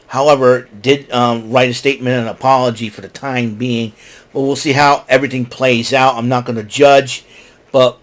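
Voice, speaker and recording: A man hosting his own podcast, recapping a show in a casual, rambling, opinionated way, mocking the people he talks about. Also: medium pitch. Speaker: podcast host.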